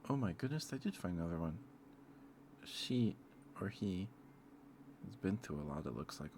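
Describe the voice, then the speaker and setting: A man rambling in a soft-spoken ASMR style, hesitant and full of fillers, tender and easily moved. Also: low voice, sing-song, moderate pace, pauses often, background noise. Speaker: ASMR streamer.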